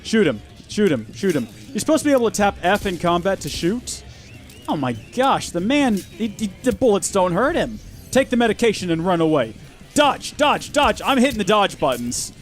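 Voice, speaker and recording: Casting: a wry gaming host, animated and slightly high voice, music playing underneath. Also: male voice, a little fast. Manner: chatty, wry and sarcastic. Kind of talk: let's play commentary.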